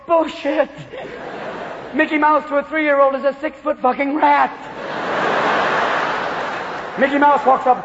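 A man doing a stand-up comedy routine in front of a live audience, talking manically and jumping into silly voices and shouts. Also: very high voice, flat delivery, unhurried, pauses often, dull audio. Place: large live venue before an audience. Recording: echoey live hall with loud crowd noise. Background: audience laughter and crowd noise.

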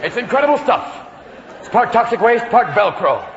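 Manic high-voiced comedian in a hall. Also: male voice, big pitch swings, muffled recording. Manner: manic, rapid switches into silly voices and shouts. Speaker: stand-up comedian. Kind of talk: stand-up comedy routine. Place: large live venue before an audience. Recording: echoey live hall with loud crowd noise. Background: audience laughter and crowd noise.

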